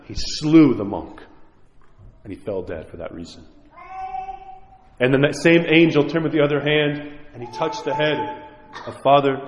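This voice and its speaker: A man's voice: medium pitch, darkish tone. Man preaching in an echoey hall. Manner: earnest, emphatic preaching and storytelling. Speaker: priest. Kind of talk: sermon. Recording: echoey hall, dull lo-fi sound.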